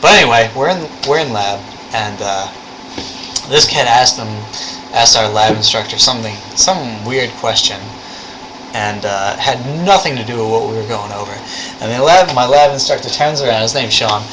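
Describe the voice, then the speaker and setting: A man's voice: medium pitch, normal speed. A young man talking casually in a rambling video log, swearing now and then. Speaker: vlogger. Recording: air conditioner hum.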